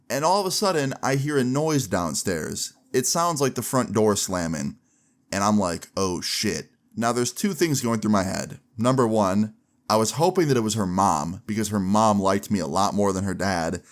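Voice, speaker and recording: A young man telling a personal story in a casual, slangy way for a vlog. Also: mid-range voice. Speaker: vlogger.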